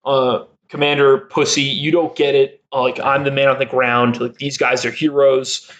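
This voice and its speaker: A brash rogue spy, as a man quotes him, swaggering and profane. The voice sits mid-pitch, close to the speaker's normal chat. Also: level tone, moderate pace, fairly bright tone, highs cut off, natural voice. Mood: defiant. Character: brash rogue male CIA operative.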